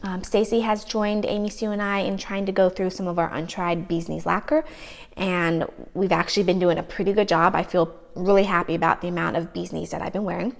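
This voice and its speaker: A woman's voice: fairly low pitch, flat delivery, brisk, gravelly. A woman casually gushing over her manicures in a show-and-tell vlog, chatty and trailing off mid-thought. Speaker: nail polish vlogger.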